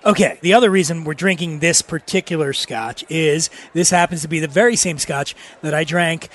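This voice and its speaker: A man's voice: on the high side, normal speed, fairly bright tone. A man co-hosting a casual podcast chat, joking and wisecracking. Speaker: podcast co-host.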